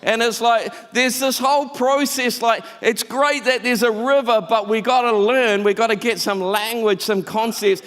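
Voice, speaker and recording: A man preaching a sermon as pastor, telling stories in an animated, conversational way. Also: very high voice, moderate pace, hardly any pauses. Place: church auditorium. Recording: church hall reverb.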